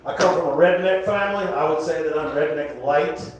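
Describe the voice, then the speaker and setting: A Southern man performs a rambling stand-up set and keeps chuckling at his own jokes. His voice sits fairly high for a man. The sound is very echoey and a bit distant, with a live crowd audible in the club. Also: fairly quick, background noise. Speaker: stand-up comedian. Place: comedy club, indoors.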